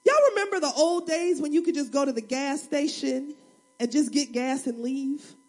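A woman pastor preaching a sermon in a lively, humorous, conversational way, speaking directly to the congregation. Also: sits high, moderate pace. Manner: animated, humorous, acts out prayers and everyday scenes.

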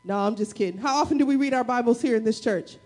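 A woman pastor preaching a sermon to her church, energetic, with call-and-response and playful asides. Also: fairly high pitch, quick pace. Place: church service.

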